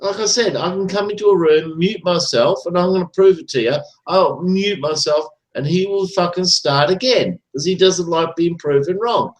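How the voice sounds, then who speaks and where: A man hosting a live chat stream goes on a rambling, profane, repetitive rant. He speaks in a high-pitched voice at a moderate pace, rarely pausing, and the audio has a roomy echo.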